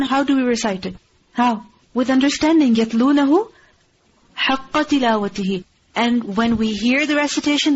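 A woman teaching a religious lesson in earnest, asking and answering her own questions and reciting Arabic verses quickly. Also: on the high side, muffled recording, a little hiss or hum. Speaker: Islamic teacher. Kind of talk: religious lecture.

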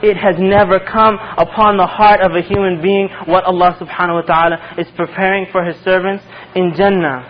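A man's voice: high-pitched, little pitch movement, a little fast, few pauses, dull audio, slight background noise. A man giving a sermon, earnestly telling a story and acting out its dialogue. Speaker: preacher.

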